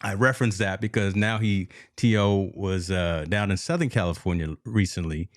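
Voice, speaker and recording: Male sports podcast host, very low voice, dry close sound, animated storyteller. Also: moderate pace, dry recording. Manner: animated storytelling, addresses listeners as folks. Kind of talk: casual sports talk.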